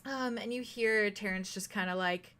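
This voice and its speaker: A woman's voice: medium pitch, moderate pace, sharp tone, clean tone. A young woman narrating a tabletop role-playing game as game master, hesitant and full of fillers.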